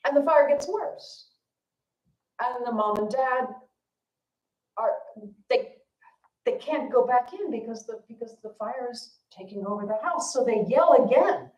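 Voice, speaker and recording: A woman's voice: on the high side, measured pace, long pauses, a little mellow. A woman dharma teacher telling a story at a family service, casual and self-deprecating, with fillers. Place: temple hall. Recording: echoey temple hall.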